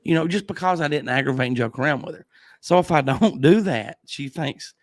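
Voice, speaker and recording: A man's voice: fairly high pitch, brisk, no room sound. A man hosting a casual livestream chat, telling rambling stories and laughing often. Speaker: podcast host.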